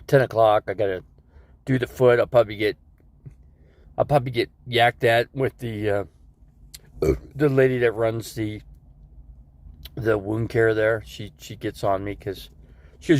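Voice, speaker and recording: A man with a lowish voice chats loosely to his live-stream viewers, wandering from one thing to the next. His nose is stuffed up and he coughs now and then, and he keeps the easy, unhurried tone of someone talking from his RV. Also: fairly even intonation, a little mellow, no echo. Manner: rambling, talks to his viewers. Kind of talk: casual live-stream chat. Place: living in an RV.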